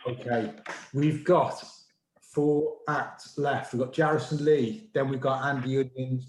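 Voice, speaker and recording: A man's voice: medium pitch, reverberant, a little hiss or hum, low-quality recording. A man hosting a comedy show over a video call, telling wry, self-deprecating anecdotes between acts.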